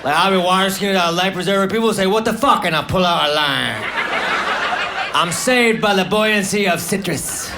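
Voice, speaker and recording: A man doing a live stand-up routine, delivering short one-liners in a deadpan manner. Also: high voice, moderate pace, vocal fry. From United States. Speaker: stand-up comedian. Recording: noisy live recording. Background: audience laughter.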